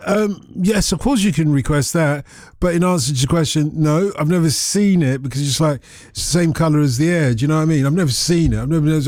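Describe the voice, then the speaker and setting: A man's voice: on the high side, a little fast, darkish tone, no room sound, studio quality. A man hosting a late-night radio phone-in, rambling and joking while reading out listener messages. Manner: rambling, jokey, self-deprecating. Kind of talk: casual live radio banter. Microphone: studio microphone.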